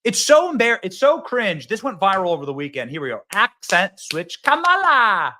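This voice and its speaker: A man in his thirties hosting a political commentary show on a studio mic. His voice is bright and animated and ranges widely. He talks in an excitable, mocking way. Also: high-pitched, quick pace. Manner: excitable, mocking, laughs often. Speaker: host.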